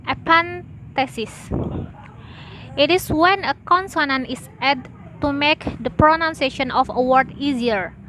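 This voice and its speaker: A woman's voice: high voice, bright, forceful tone, a little hiss or hum, rough recording. A young woman, a student, reading out a class presentation in a careful, list-like way. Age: young adult. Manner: slow, careful, list-like delivery.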